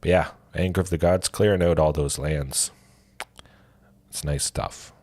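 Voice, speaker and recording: Deep-voiced, slow-talking game streamer. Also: male voice, no room sound. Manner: thinking aloud, excitable exclamations. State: coughing, with a cold. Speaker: streamer playing a card game. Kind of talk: casual gameplay commentary.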